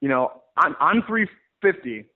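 A man who wrestles, telling stories in a rambling, animated way in a casual interview. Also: a little high, unhurried, slightly rough. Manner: rambling, animated storyteller with many restarts. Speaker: pro wrestler guest. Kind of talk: casual interview over the phone. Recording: tinny phone line.

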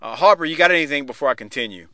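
A man's voice: on the high side, animated, pushed and bright, no echo, clean studio sound. Laughing, swearing man hosting a podcast. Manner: laughs often, swears freely, talks in quick rambling restarts. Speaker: podcast host. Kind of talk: casual podcast chat recapping a wrestling show.

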